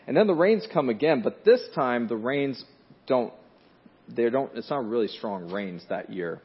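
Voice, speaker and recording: A man preaching a sermon in a conversational way, telling a story with fillers and restarts and rising loud and high at dramatic moments. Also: animated, measured pace, slightly rough. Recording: dull lo-fi recording.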